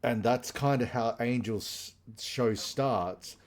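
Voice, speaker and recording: A man's voice: medium pitch, takes it slowly. A man on a casual podcast chat, retelling TV episodes in a loose, rambling way full of fillers and restarts. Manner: rambling plot recap with many fillers. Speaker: podcast co-host.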